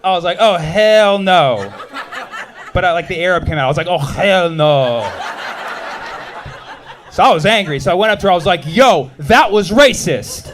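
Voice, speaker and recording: A man in his thirties from the United States performs a stand-up comedy set on a club stage, doing quick, animated crowd work. His voice sits high, and there is background noise.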